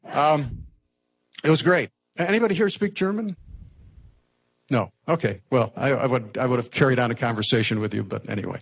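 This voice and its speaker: Older American man telling a lively story. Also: medium pitch, normal speed, vocal fry. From United States. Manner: animated anecdotal storytelling with restarts. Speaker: speaker telling his life story. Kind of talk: storytelling talk to a live audience.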